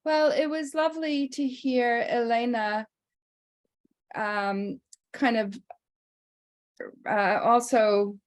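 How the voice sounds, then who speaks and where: A woman sharing personal memories in a casual way, halting with many restarts and frequent laughter. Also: a little high, fairly even intonation.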